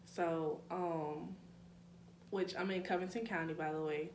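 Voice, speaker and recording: A woman's voice: on the low side, fairly even intonation, unhurried. A young woman from New Orleans with a New Orleans accent, chatting casually to her viewers in a vlog, with laughing asides and calling them y'all. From New Orleans, Louisiana. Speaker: YouTuber. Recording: echoey room with faint hum.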